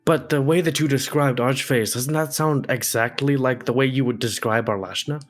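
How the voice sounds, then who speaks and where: A man's voice: medium pitch, moderate pace, faint music behind. A man playing a tabletop game, asking curious questions in casual talk. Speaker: player.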